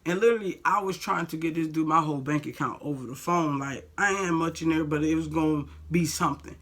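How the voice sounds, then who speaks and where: A woman's voice: low voice, fast, a bit bright. A young woman vlogger telling a personal story in a blunt, heated way, full of "like" and swearing. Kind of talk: storytime vlog.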